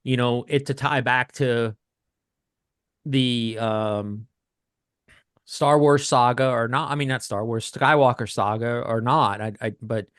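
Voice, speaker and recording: A man co-hosting a collecting podcast, chatting casually in a rambling, halting way with many restarts. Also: mid-range voice, steady tone, a bit bright, smooth, no room sound, studio quality. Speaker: podcast co-host. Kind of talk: casual chat.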